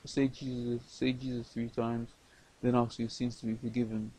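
A man's voice: mid-range voice, level tone, moderate pace, mellow, husky, low-quality recording. A man rambling through a late-night video diary, stumbling over words with many repeats and restarts. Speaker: vlogger.

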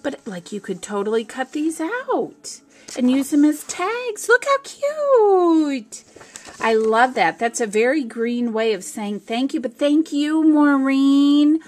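A woman's voice: sits high, a little slow, a little mellow. A woman craft vlogger unboxing a gift package, gushing and exclamatory, with frequent gasps.

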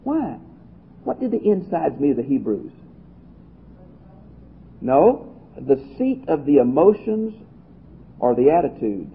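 A man leads a folksy Bible study, reading verses aloud and explaining them in a homespun, conversational manner, heard over tinny, phone-like audio. His slightly high voice is sing-song and husky, slow with vocal fry and frequent pauses.

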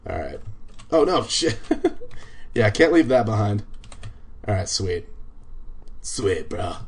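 A man's voice: on the low side, breathy edge. A man livestreaming a game, chatting casually to his viewers, laid-back and swearing freely. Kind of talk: casual live gaming commentary.

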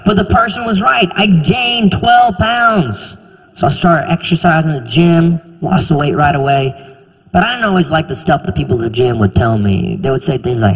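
A man in his twenties performing a stand-up comedy routine, animated and incredulous, sometimes bursting into shouts, on a handheld mic on a theater stage. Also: on the high side, moderate pace, husky. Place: theater stage before a live audience. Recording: reverberant live hall, faint ambience.

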